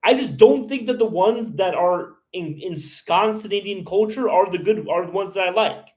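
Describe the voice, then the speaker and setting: Man, livestream host, blunt, ranting, heated, fairly high voice. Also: moderate pace, darkish tone. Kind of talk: live stream chat answering viewers.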